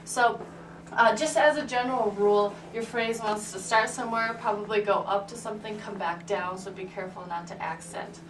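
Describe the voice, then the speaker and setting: A woman's voice: mid-range voice, fairly quick, slight background noise. A woman teaching a piano lesson, patient and encouraging, often checking in with "right?" and "okay". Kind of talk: private music lesson. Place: room with a piano. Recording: roomy, distant, piano playing.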